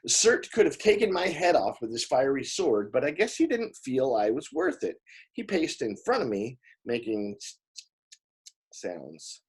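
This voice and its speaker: A man reading a novel aloud in expressive first-person narration, with small slips along the way. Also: fairly high pitch, moderate pace, slightly rough. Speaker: audiobook reader.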